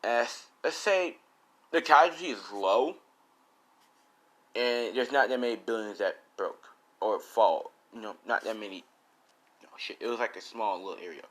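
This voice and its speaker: A man's voice: on the low side, moderate pace, fairly bright tone. A man casually improvising a fan fiction story, rambling with lots of fillers and the odd swear.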